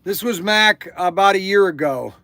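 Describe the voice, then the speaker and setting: An older man hosts a live toy shop show, pushing products with aggressive salesman hype and repeating himself. He talks at a normal speed in a pushed, bright voice, and the recording is dry.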